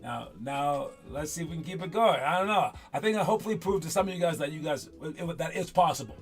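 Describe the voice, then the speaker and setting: A man's voice: on the high side, animated, fast, soft background music. A man coaching young basketball players in casual, rambling talk that often repeats itself. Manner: rambling, upbeat, repeats himself.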